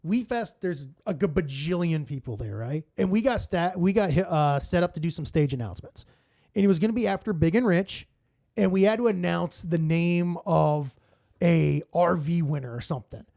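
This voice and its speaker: A radio co-host appearing as a podcast guest tells casual stories in a high voice with a gravelly rasp running through it. He speaks at a moderate pace, animated and profane, acting out other people's quotes along the way.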